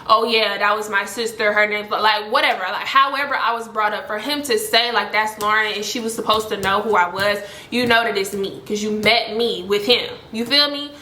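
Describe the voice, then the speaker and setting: A young woman tells a story in a casual home vlog. She is animated and says "like" constantly, and her voice sits a bit high and sounds bright. The room around her is echoey. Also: normal speed, few pauses. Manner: animated, heavy use of "like", voices other people with high pitch jumps. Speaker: storytime vlogger.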